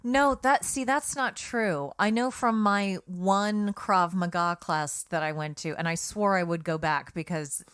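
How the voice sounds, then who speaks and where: A woman co-hosting a podcast, chatting casually, frank and deadpan. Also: fairly low pitch, unhurried, hardly any pauses, smooth, dry recording, clean studio sound. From Britain. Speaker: podcast co-host. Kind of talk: casual chat.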